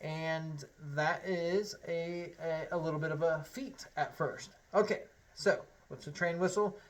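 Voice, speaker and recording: A man's voice: fairly high pitch, steady tone, measured pace. A man teaching a harmonica lesson, encouraging and upbeat, talking straight to the learner. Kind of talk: friendly instructional lesson.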